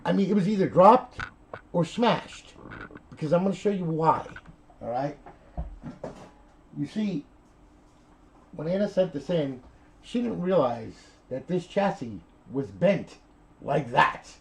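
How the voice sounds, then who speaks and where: A man's voice: fairly high pitch, expressive, takes it slowly, gravelly, long pauses, a little hiss or hum, rough recording. A middle-aged man telling a console repair story in a chatty, rambling way, checking in with okay and all right as he goes. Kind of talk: rambling casual video talk.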